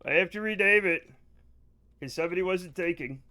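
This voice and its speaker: Talking a little fast during a live gaming stream, this man has a high, bright voice. Between chatting with his viewers, he lets out loud, excited greetings and exclamations.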